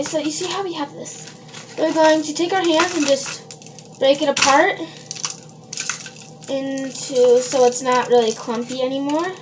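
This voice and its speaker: A woman's voice: sits high, noisy background. A woman from Minnesota, chatting casually to viewers while she bakes in her home kitchen, rambling and full of fillers. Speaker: home baker vlogger. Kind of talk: casual baking vlog. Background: dishes and cutlery clatter.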